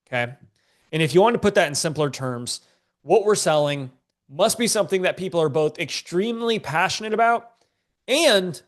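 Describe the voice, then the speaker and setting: A congested man runs a live-streamed business lesson in a loose, joking, slangy manner. His voice sits a touch higher than most men's. He addresses his viewers directly and keeps the tone informal. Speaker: online business coach. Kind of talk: live-streamed teaching session.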